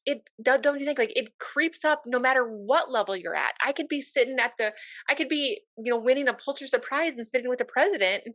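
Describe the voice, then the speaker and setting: Bright-voiced woman therapist guest. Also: sits high, fairly quick, no room sound. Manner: earnest, conversational, uses fillers like "you know". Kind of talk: casual conversation.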